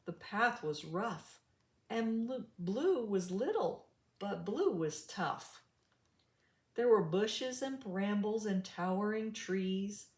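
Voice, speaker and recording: A woman's voice: medium pitch, lively intonation, slow, darkish tone. A woman reads a children's picture book aloud in a roomy, echoey space. She takes her time over every line, and her voice swoops up and down in a sing-song storytelling way. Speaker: storybook reader. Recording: roomy echo.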